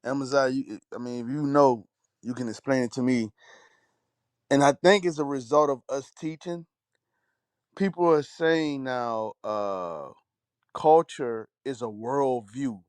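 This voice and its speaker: Guy chatting, halting and trailing off, dry close sound. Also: mid-range voice, clear, resonant tone, dry recording. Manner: halting, trailing off, frequent fillers. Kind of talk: casual discussion.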